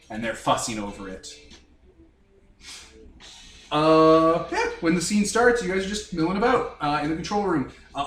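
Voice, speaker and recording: A man's voice: fairly high pitch, fairly bright tone. A man narrating a tabletop game as game master, setting scenes with wry asides. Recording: echoey room, from far off, music behind.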